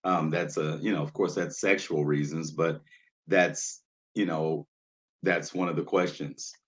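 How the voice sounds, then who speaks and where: A man's voice: a bass voice, steady tone, a little slow, fairly bright tone. A man hosting a casual livestream, talking loosely with lots of fillers and greeting viewers in the chat by name. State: nervous, jittery. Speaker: livestream host.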